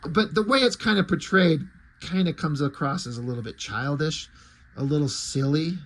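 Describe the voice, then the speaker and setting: A man's voice: fairly high pitch, expressive, moderate pace, a bit bright. A man reviewing comics in a casual, wry way, with fillers and mild swearing. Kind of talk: casual chat.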